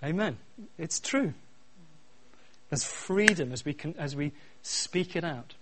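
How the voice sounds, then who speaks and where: A middle-aged man preaching a sermon, swinging from quiet asides to loud, repeated refrains. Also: fairly high pitch, lively intonation, slow pace, a little hiss or hum. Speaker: pastor.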